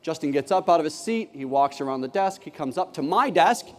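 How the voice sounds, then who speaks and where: A man giving a conference keynote, telling a classroom story in an animated way and acting out the dialogue himself. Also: a little high, fairly quick. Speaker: keynote speaker, former teacher. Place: large conference hall. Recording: long hall reverb.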